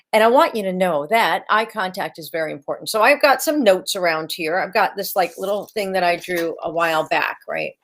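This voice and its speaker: A woman hosting a live-stream coaching session, talking in an energetic, chatty way and repeating her key words. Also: medium pitch. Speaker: video coach hosting a livestream.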